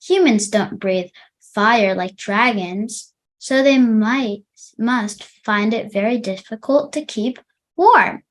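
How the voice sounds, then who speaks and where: Woman doing a sad little dragon boy, kinda whiny, high and slow. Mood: thoughtful. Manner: glum, whiny storybook voice. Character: lonely young boy dragon, sulky and sad. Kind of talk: storybook read-aloud for children.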